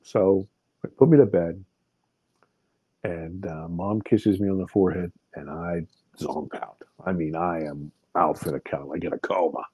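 A man's voice: deep voice, fairly even intonation, a little slow, mellow, husky, no room sound. A man in his fifties, a podcast guest, vividly retelling a personal experience with many restarts. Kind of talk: personal storytelling in an interview.

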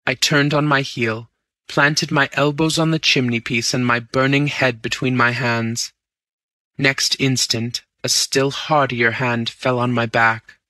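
A man reading an audiobook in a measured, unhurried storytelling manner. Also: medium pitch, sharp tone, no room sound, low-quality recording. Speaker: audiobook narrator. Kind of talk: scripted narration.

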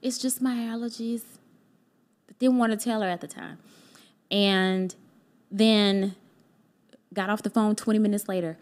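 A woman in a relaxed podcast conversation tells a heartfelt personal story and acts out what others said to her. Her voice sits at a middle pitch. Her pace speeds up and slows down as she goes. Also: smooth. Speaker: podcast guest.

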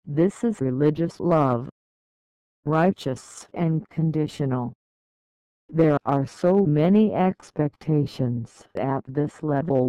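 A speaker reciting a slow spoken-word monologue in a measured, declamatory way, recorded as a dull, lo-fi voice-over. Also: mid-range voice, no echo.

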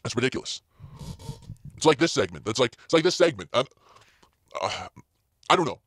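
A man's voice: medium pitch, big pitch swings, normal speed, a bit bright, no room sound, studio quality. A man hosting a casual solo podcast from inside a parked car, rambling along with plenty of fillers and restarts. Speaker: podcast host.

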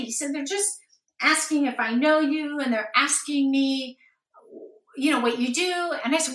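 A woman being interviewed, telling a lively story and acting out the voices of people she quotes. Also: high-pitched, normal speed. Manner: animated, acts out quoted voices. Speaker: guest. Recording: roomy and distant from the mic.

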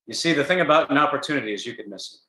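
Urgent preacher in an echoey tent. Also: male voice, mid-range voice, expressive, very fast, bright, forceful tone. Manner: earnest, urgent rhetorical questions. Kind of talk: gospel sermon. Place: large tent.

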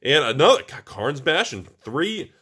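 A man hosting a casual vlog, joking and getting excited as he opens card packs, calling his viewers folks. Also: a little high, measured pace, slightly rough. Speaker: channel host opening card packs.

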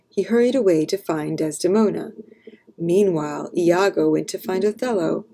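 A woman narrating an abridged classic play as a calm, steady read-aloud story for children. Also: lowish voice, normal speed, creaky. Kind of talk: scripted narration.

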